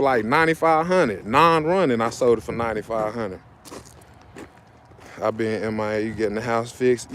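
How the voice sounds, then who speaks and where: A man's voice: mid-range voice, slight background noise. A man chatting loosely on a livestream, rambling and repeating himself, outdoors by his vehicles on a phone. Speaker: livestream host. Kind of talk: casual livestream chat.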